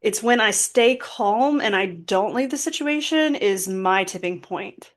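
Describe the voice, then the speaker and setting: Calm woman on a podcast, talks slow, pretty frank. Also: medium pitch. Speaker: podcast co-host. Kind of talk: casual chat.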